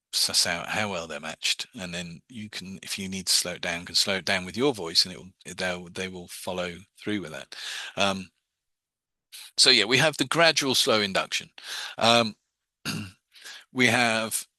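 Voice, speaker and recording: A low-pitched man gives a rambling, informal lesson on hypnosis, his voice bright and forceful. He restarts his sentences often and slips into a soft, slow patter when demonstrating. The room sounds dry and close. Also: no echo. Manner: quick, rambling, with many restarts and fillers. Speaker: hypnosis teacher. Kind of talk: informal class lecture.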